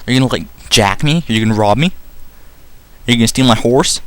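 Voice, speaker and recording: A man's voice: medium pitch, quick pace, smooth, dry recording, natural voice. A man voicing an indignant young hero who protests and whines in a raised, panicky voice. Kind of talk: let's play voice acting.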